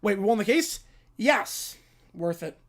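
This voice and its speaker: A clueless male defense lawyer, voiced by a man who pleads his case cheerfully and never notices he is losing. The voice is high and bright. It is a comic courtroom skit. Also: animated, measured pace. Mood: pleased.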